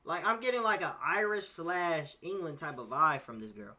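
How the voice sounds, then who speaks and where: A young man streaming casual reaction commentary, slangy and animated, talking back at the screen. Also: fairly high pitch, moderate pace.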